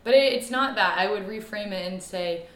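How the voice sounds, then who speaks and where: A woman, an activist telling her story in an interview with emphatic, animated delivery. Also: mid-range voice, moderate pace, roomy sound.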